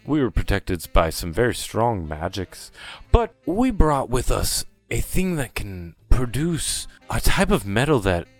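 A man's voice: medium pitch, big pitch swings, unhurried. A man voicing a friendly, scatterbrained male human guide in a tabletop game, with faint music behind. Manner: rambling, friendly and a little scatterbrained.

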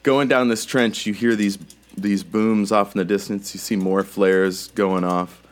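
A man's voice: lowish voice, steady tone, unhurried. A man narrating a tabletop game as game master, casual and rambling with many fillers.

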